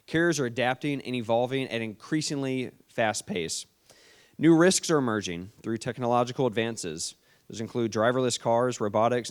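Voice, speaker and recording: A man with a down-home Tennessee accent, a state official giving a folksy, friendly conference welcome speech on stage. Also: medium pitch. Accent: Southern US, Tennessee. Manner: folksy and friendly, says "y'all" often. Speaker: state insurance commissioner giving welcome remarks.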